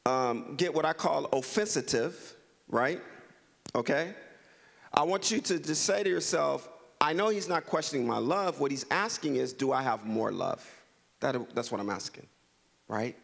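A man's voice: fairly high pitch, gravelly, a bit bright. A middle-aged man from Los Angeles, a guest speaker giving an interactive talk to a community audience, leading them in call-and-response and repeating his prompts.

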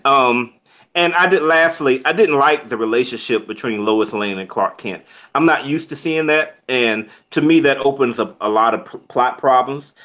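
A man in a loose, chatty review conversation, speaking at an ordinary middle pitch. He rambles through restarts and breaks into laughter often. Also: moderate pace, a bit bright. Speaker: co-host reviewing a film. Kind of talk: casual review chat.

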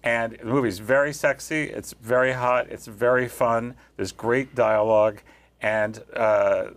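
Enthusiastic male critic, mid-pitch voice. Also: fairly even intonation, measured pace. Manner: enthusiastic, rambling recommendations. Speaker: film critic. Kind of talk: panel film review chat.

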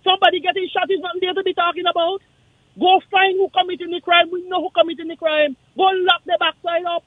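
A man with a Kittitian accent calling in to a radio talk show, speaking in an impassioned, forceful, repetitive way. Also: very high voice, level tone, quick pace, dry recording. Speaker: caller. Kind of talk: call-in radio rant. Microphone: phone line. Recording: tinny dry phone line.

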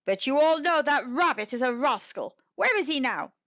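A calm, wise storybook moose, voiced by a woman reading aloud, measured and reassuring. It sounds close and dry, slightly dull. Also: high voice, no echo. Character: calm wise male moose, kindly and steady.

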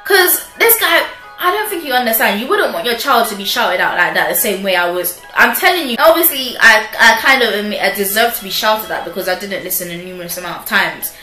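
Young woman, vlogger, casual storytime, animated and laughing, bright voice, echoey room. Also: mid-range voice, a little fast. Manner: animated, chatty, laughs often. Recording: roomy echo with faint music.

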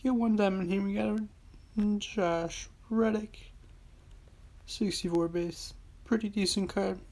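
A man's voice: high voice, takes it slowly. A man hosting a mobile baseball game channel, casually commenting as he opens card packs. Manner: relaxed, talking to himself while opening packs. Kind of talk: casual pack-opening commentary.

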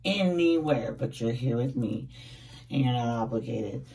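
A woman with a dark, bass voice talks at normal speed in a flat delivery, sitting far from the mic. Giving a casual tarot reading to camera, she sounds groggy and just woken, laughing often and calling her viewers babies.

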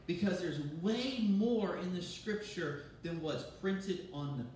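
A man, a pastor, giving a sermon in a lively, conversational way, often restarting his sentences. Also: high-pitched, slow, a little hiss or hum. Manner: animated, conversational preaching with restarts. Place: church sanctuary. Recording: very echoey church from far off.

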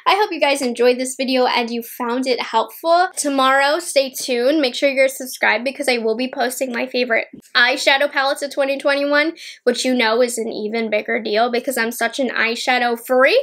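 A woman's voice: high voice, fairly even intonation, normal speed, hardly any pauses, a bit bright. A young woman chatting casually to her viewers as a beauty vlogger, enthusiastic and direct. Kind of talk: casual product review vlog.

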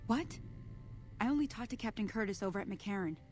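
A woman's voice: medium pitch, animated, a little fast, darkish tone, faint music behind, close to an everyday voice. An actress playing a nervous, evasive young woman informant in a video game, explaining herself defensively.

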